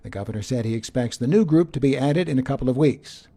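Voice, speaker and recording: A man reading a radio newscast as the anchor, in a measured, even delivery. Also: medium pitch.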